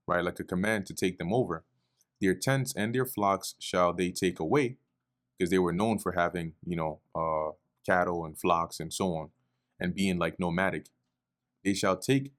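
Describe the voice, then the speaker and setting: A man teaching the Bible verse by verse, reading passages aloud and explaining them in a casual, conversational way with frequent fillers. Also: low voice. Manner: reads scripture then explains in casual asides, with fillers.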